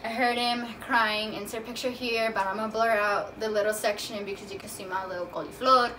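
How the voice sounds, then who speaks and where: Chatty young woman, bright voice. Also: medium pitch, fairly even intonation, brisk. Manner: casual, chatty, many "like" fillers. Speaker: vlogger. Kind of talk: storytime vlog. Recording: from a distance, faint room noise.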